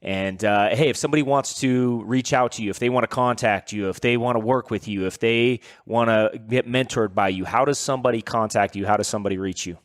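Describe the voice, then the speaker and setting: A man's voice: medium pitch, fairly quick, hardly any pauses, no echo, clean studio sound. A man hosting a podcast in a casual, effusive way, heaping praise on his guest and calling him brother and dude. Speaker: podcast host. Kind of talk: casual interview chat.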